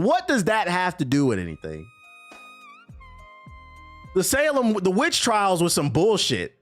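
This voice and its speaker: Male gaming streamer, swearing, sarcastic, lively up-and-down voice, faint music underneath. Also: high voice. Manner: animated, swearing, sarcastic, laughs often. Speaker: gaming streamer reacting to news. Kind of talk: casual profane reaction rant.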